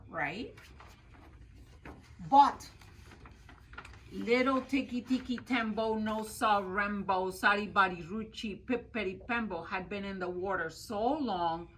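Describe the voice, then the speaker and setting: A woman library storyteller reading a picture book aloud to children, expressive and asking them questions. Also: mid-range voice, slight background noise, rough recording. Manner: expressive, slow, asks listeners questions.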